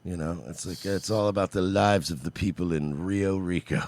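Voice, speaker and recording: A man's voice: sits low, steady tone, moderate pace, darkish tone. A man co-hosting a podcast, making sarcastic, profane jokes about news clips. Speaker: podcast co-host. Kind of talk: casual chat riffing over news clips.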